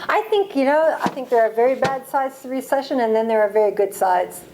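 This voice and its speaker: A woman in her forties from the United States tells stories at a library talk, quick to laugh. Her voice sits somewhat high. Faint noise hums under the recording. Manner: lively storytelling, laughs often. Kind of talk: reading and audience Q&A. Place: library event room.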